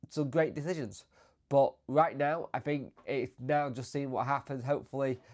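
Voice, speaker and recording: A man with a bunged-up, congested voice, feeling unwell and talking casually as the host of a football fan channel, chatty and rambling and trailing off quieter. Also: medium pitch. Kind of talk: casual solo video commentary.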